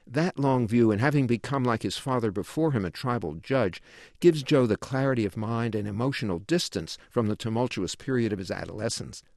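A man reading a scripted book review for a radio program in a measured, even way. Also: medium pitch, no echo, clean studio sound. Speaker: book critic.

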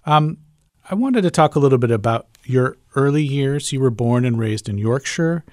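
A man's voice: medium pitch, lively intonation, normal speed, a little mellow, no echo, clean studio sound. Man asking curious interview questions.

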